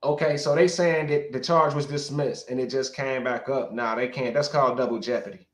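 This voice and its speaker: A man's voice: mid-range voice, fairly even intonation, brisk, reverberant. A man giving rambling livestream commentary, heated and profane, talking straight to his chat.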